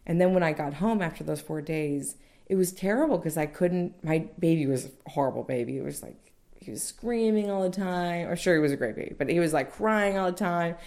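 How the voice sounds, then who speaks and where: A woman's voice: lowish voice, lively intonation, a little fast, a little mellow. A young adult woman candidly telling a personal story in a conversational way, with many fillers. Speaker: mother recounting childbirth.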